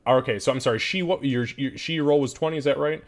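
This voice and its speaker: A man narrating as game master of a tabletop game, casual and quick to laugh, swearing freely. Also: mid-range voice.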